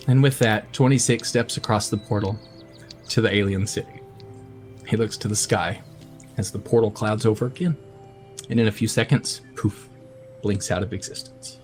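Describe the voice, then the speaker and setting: A man's voice: on the low side, steady tone, moderate pace, long pauses, faint music behind. A man running a tabletop game as game master, narrating in a heartfelt, emotional way.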